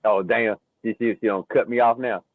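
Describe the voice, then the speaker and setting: A man co-hosting a casual sports talk show, animated and trash-talking. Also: fairly low pitch, fairly quick, dry recording, narrow, tinny audio. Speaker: co-host.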